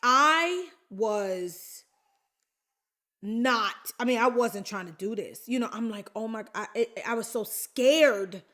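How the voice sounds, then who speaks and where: A woman's voice: on the high side, animated, slow pace, a bit bright. A woman from the Bronx, hosting a podcast and telling a personal story in a chatty, candid way, talking straight to her listeners. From the Bronx, New York. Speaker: podcast host.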